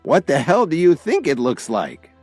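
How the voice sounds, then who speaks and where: A man narrating an audiobook and voicing a quick-tempered older father who shouts at the top of his lungs. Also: on the high side, huge pitch swings, no echo, soft background music, voice pushed up, heavily acted. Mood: furious. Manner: shouting, thundering.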